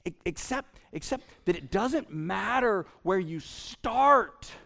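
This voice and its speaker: A male pastor preaching with a fairly high, gravelly voice. He is animated and repeats words as he builds each point. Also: takes it slowly. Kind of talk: sermon.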